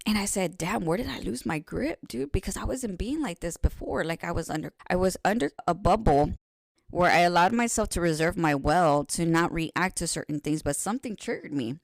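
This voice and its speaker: A woman speaking as a podcast guest, telling a personal story in a frank, profane, rambling way, swinging between loud animated retelling and soft hushed confession. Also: fairly low pitch, brisk, dry recording.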